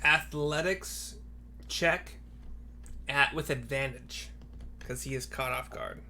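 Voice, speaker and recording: Slow, bright-voiced male game master. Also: medium pitch, slight background noise. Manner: relaxed, with fillers, breaks into laughs. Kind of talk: narrating a tabletop game.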